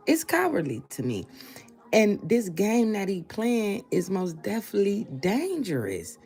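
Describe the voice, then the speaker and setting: Brief: female commentary host, lively animated delivery, warm husky voice, repeats points for emphasis. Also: medium pitch, measured pace. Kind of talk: opinion commentary.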